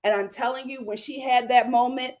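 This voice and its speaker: A woman's voice: fairly high pitch, brisk. An American woman hosting a reality show recap, telling it with dramatic flair and frequent laughter. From United States. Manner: animated, dramatic storytelling with laughter. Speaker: host.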